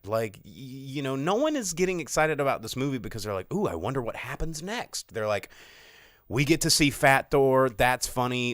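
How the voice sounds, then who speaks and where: A man co-hosting a podcast, talking about films in a casual, animated and sarcastic way, often mocking others in put-on voices. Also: fairly low pitch, smooth, no room sound, clean studio sound. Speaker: podcast co-host. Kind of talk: casual film chat. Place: studio.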